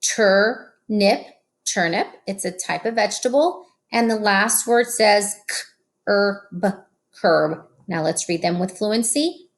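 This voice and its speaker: A woman teaching a phonics lesson to children, slow and patient, stretching out each sound. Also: mid-range voice.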